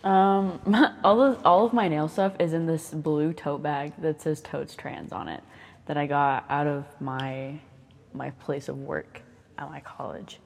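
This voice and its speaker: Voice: mid-range voice, measured pace, creaky, long reverb tail. A young speaker in their twenties with a Southern US accent, rambling casually and swearing often while moving around their bedroom. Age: 20s. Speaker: vlogger.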